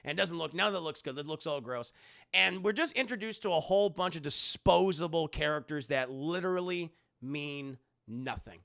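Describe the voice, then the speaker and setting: A young man reviews a film for his live chat in a loose, rambling way and swears freely. His voice sits a little high and sounds bright and edgy. It has a strong gravelly fry. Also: moderate pace. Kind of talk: casual spoken film review.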